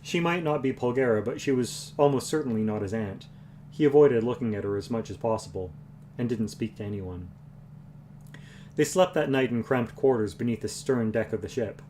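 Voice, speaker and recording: A man reading a fantasy novel aloud on a livestream, even and unhurried, with the occasional restart. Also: medium pitch, slight background noise. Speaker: reader. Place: home livestream.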